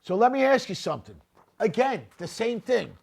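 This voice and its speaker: A man's voice: sits high, big pitch swings, normal speed, vocal fry. A middle-aged man hosting a real estate podcast, giving blunt, profane, unscripted commentary and often tagging his points with "okay?". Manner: grows louder and more heated, shouting at times.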